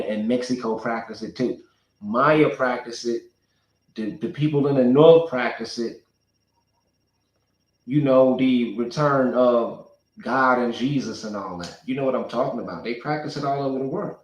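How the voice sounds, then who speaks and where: A man's voice: mid-range voice, darkish tone, roomy sound, rough recording. A man talking alone to his channel in a loose, speculative monologue, thinking aloud and restarting his sentences often. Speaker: YouTuber. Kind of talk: rambling monologue.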